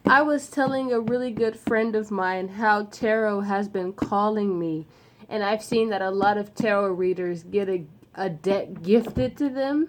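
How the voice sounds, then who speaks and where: A young woman in a casual unboxing vlog, talking in an excitable, emotional and slangy way, gushing with gratitude. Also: medium pitch, measured pace. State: throat dry. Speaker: vlogger unboxing gifts.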